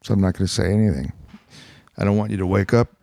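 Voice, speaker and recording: Deep gravelly dad, terse and dry. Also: male voice, fairly even intonation, quick pace, warm tone, no room sound. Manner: terse, dry, mumbly short replies. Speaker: father and podcast co-host. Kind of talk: casual chat.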